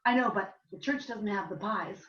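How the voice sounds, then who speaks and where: A woman reading as a calm small-town woman confessing a murder. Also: mid-range voice, moderate pace, natural voice. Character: older small-town woman confessing a long-hidden killing. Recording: distant roomy dull live recording.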